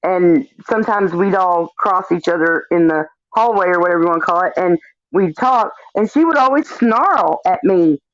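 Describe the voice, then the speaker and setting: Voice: mid-range voice, expressive, moderate pace. A livestream guest in casual chat, telling stories bluntly and swearing freely. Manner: blunt, profane storytelling. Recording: dull lo-fi stream audio.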